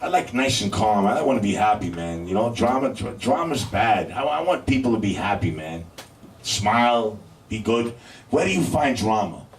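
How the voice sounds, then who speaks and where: A man's voice: on the low side, sing-song. Man hosting a comedy club, roomy and distant. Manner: banters with the crowd, drawn-out punchlines. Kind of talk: stand-up and crowd work. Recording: roomy club sound from afar with faint noise.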